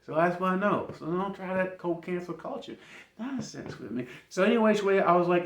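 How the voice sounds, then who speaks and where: A man telling a comic story to camera in an animated way, laughing often and insisting he isn't making anything up. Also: high voice, brisk. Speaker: vlogger. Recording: roomy echo.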